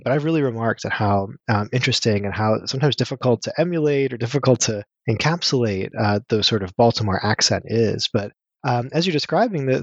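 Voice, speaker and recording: A man's voice: mid-range voice, no room sound, muffled recording. A man hosting an interview, speaking hesitantly with many fillers and restarts. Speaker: podcast host. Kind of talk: interview conversation.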